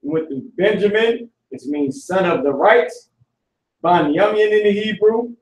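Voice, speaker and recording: A man with a slightly high voice teaches a class in a loose, slangy way, sounding words out slowly and saying them again and again. He is picked up from a distance in a room with a lot of echo. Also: expressive, a little mellow, a little hiss or hum. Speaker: language teacher. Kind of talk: live online class. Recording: echoey room, far from the mic.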